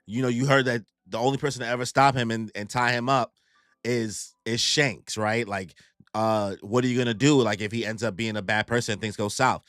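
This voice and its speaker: A man's voice: medium pitch, fairly quick, a bit bright, no echo, clean studio sound. A young man casually recapping a manga chapter, telling it in heavy slang and acting out the characters' lines. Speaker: YouTube manga reactor.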